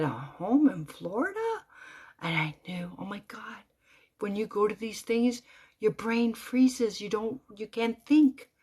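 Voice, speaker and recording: A woman telling a personal story in a casual, animated way, dropping to hushed whispers and rising to loud exclamations. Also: lowish voice.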